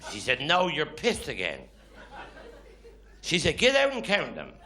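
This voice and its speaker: A man's voice: on the high side, wildly swooping pitch, a little slow, sharp tone. A Cornish man performing live stand-up comedy, telling dialect stories with grumbling quoted voices. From Cornwall. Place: live stage before an audience. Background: audience laughter.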